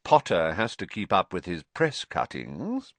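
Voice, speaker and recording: Man doing an icy sarcastic schoolmaster, slow drawl, sneering, cold. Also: sits low, wildly swooping pitch, no room sound, exaggerated voice. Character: cold sneering male potions teacher.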